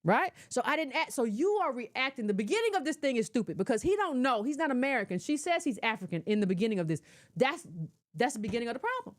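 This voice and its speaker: A woman's voice: a little high, sing-song, fast talker, no echo, clean studio sound. A middle-aged woman giving casual, opinionated commentary, lecturing emphatically and talking in a colloquial way. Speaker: commentator reacting to clips.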